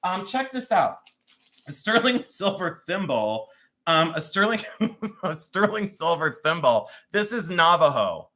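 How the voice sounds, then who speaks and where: A man's voice: on the high side, bright, forceful tone. A man in his fifties with a Cleveland accent, chatting and joking as he sells jewelry on a live stream, rambling and laughing often. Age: 50s. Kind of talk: chatty live-sale banter.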